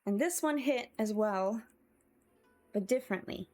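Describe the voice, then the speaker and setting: A woman's voice: medium pitch, animated, a little slow, a little mellow, faint music behind. A woman streamer chatting with her viewers in a casual, emotional and reflective way, often sighing.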